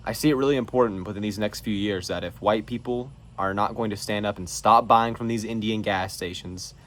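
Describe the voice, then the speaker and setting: A man's voice: fairly low pitch, a little fast, a bit bright. A man from North Carolina, hosting his own show and delivering an emphatic, preachy monologue. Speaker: show host. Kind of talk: political monologue.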